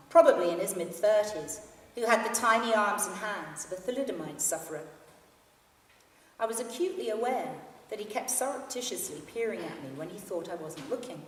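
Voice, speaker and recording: Here a woman in her fifties, mid-range in voice, shares passages from her memoir at a library hall reading. Her delivery is dry and understated, captured from afar in an echoey room with slight background noise.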